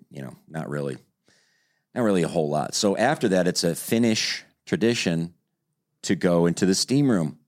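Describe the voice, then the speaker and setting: A man hosting a podcast, telling a story in casual chat and acting out the quotes with energy. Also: rumbling low. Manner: animated storyteller who acts out quotes. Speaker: podcast host.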